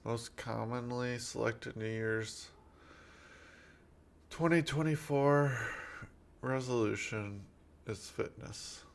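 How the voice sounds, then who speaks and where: A tired man co-hosting a casual chat, reading out poll results in a sleepy-sounding, gravelly voice. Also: medium pitch, fairly even intonation, slow pace, pauses often.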